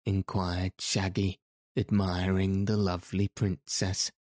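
A man narrates a storybook at an unhurried, deliberate pace. His voice is low and mellow, and his reading is steady and measured. The recording is dry and close, with no room sound. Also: dry recording. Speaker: audiobook narrator.

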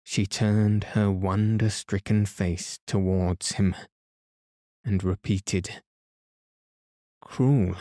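Man, bedtime audiobook narrator, soft and even, low pitch, dry studio sound. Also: slow, no echo. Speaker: podcast host and reader.

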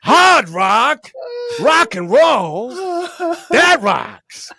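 A man putting on a gruff, shouting impression of an aging male movie tough guy, growling catchphrases into a studio mic. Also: extremely high pitch, very animated, extremely slow, pitched above the performer's own voice, heavily acted. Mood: boisterous.

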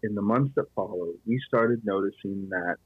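Husky low-voiced man telling a story. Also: moderate pace, no echo, narrow, tinny audio. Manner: conversational, fillers like "you know". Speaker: podcast guest telling a ghost story. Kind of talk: casual storytelling.

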